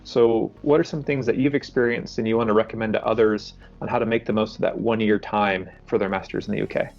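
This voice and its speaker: Measured interview host, mid pitch, muffled lo-fi recording. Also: steady tone, a little mellow. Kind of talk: interview questions.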